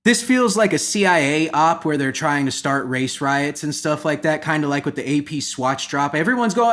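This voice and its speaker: Speaking in a fairly high register, this comedy podcast host goes off on a satirical rant. He wanders and swears his way through it, again and again erupting into loud, mock indignation.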